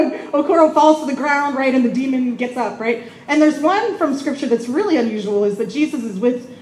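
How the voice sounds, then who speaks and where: A woman pastor giving a conversational sermon, lively and acting out the people she quotes. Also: sits high, brisk, reverberant, rough recording.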